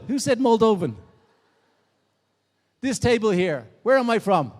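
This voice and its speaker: Irish male keynote speaker, upbeat and interactive, higher voice, recorded in a long-reverb conference hall. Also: sing-song, measured pace, pauses often, darkish tone. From Dublin, Ireland. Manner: upbeat, drawing the crowd in with show-of-hands questions. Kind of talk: energetic interactive stage talk. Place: large conference hall on stage.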